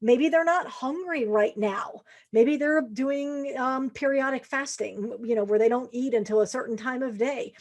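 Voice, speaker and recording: A woman's voice: sits high, a little slow, hardly any pauses. A middle-aged woman giving sales advice on a podcast, chatting casually and acting out what prospects and salespeople say. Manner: conversational, acts out quoted lines of prospects. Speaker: sales coach.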